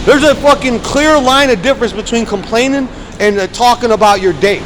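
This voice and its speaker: A man in his forties vlogs on his phone camera while walking a city street in the cold, ranting casually and bluntly with lots of emphatic swearing. His voice sits high and moves at a moderate pace with hardly any pauses. Background noise is present.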